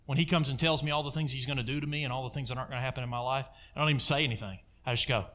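A man's voice: mid-range voice, steady tone, rapid-fire, a bit bright, highs cut off. A man preaching a sermon in an emphatic way, throwing asides like "amen?" to his congregation.

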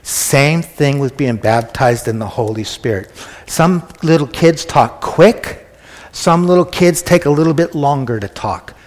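A man's voice: on the high side, a little mellow. A man preaching a conversational sermon who often asks the congregation questions. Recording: echoey hall.

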